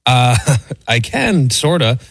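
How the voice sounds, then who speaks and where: A man co-hosting a radio show, talking in a relaxed, easygoing way. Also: mid-range voice, takes it slowly, gravelly, breathy edge, no room sound. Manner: relaxed, reading a menu with easygoing asides. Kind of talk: casual radio banter. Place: radio studio.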